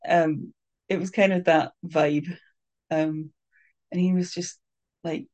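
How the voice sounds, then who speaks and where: Someone in tears shares a personal story in a mid-range voice. The telling is soft, emotional and candid, broken up by hesitations, fillers, pauses and restarts.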